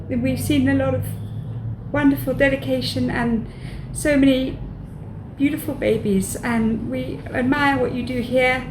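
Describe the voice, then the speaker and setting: A woman's voice: high voice, steady tone, unhurried. A woman visiting a hospital, giving an emotional thank-you with her voice wavering. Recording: echoey room with loud noise.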